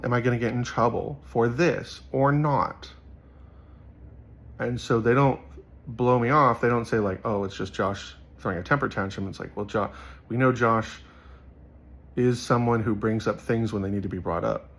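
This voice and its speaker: A man's voice: mid-range voice, fairly even intonation, normal speed, fairly bright tone. A young man giving casual, earnest commentary on Bible verses, rambling with many fillers. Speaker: Bible study vlogger.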